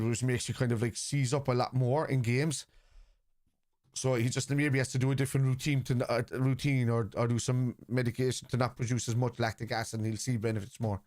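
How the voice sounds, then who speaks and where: A man's voice: medium pitch, a little mellow, no room sound, clean studio sound. Chatty Liverpool man on a livestream. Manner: chatty, rambling, teasing commenters. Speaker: watchalong streamer reading live chat. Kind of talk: casual live-stream chat.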